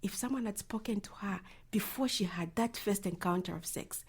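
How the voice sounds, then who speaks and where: A woman's voice: medium pitch, moderate pace, few pauses, slightly rough. A woman, an advocate answering interview questions earnestly, often trailing into a near whisper at the ends of phrases. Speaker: reproductive health advocate.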